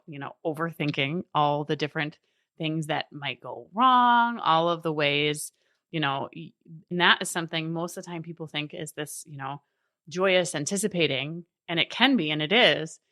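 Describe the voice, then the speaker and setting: A woman's voice: deep voice, a bit bright, dry recording, clean studio sound. A woman in her thirties hosting a solo coaching podcast, earnest and encouraging, often laughing as she talks. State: briefly emotional.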